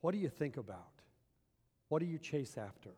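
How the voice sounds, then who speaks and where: Guy preaching a sermon, a bit high voice, lots of rhetorical questions, big echoey church hall. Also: very animated, normal speed, dark tone, husky. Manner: emphatic, uses rhetorical questions. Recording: long hall reverb.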